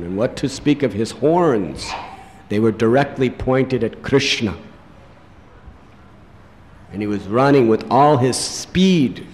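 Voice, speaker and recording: A man delivers a sermon as dramatic storytelling, drawing out words at an unhurried pace. His voice rings through a large hall with a long reverb trailing each phrase. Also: medium pitch, a little mellow. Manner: dramatic storytelling, slows for emphasis. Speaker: preacher.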